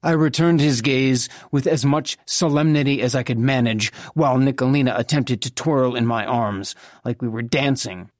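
A narrator reading a fantasy novel in the first person, in a measured, even storytelling manner. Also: medium pitch, no echo, studio quality. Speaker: audiobook narrator.

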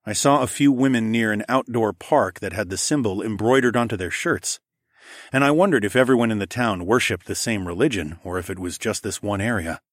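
A man narrating a story in the first person, in a steady, plain storytelling manner. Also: lowish voice, a little fast, dry recording, clean studio sound. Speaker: audiobook narrator.

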